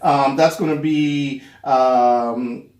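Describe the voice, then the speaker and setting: A man's voice: mid-range voice, fairly even intonation, extremely slow, darkish tone. A man hosting a casual pop culture chat, joking and rambling with lots of ums, recorded from a distance in an echoey room. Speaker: show host.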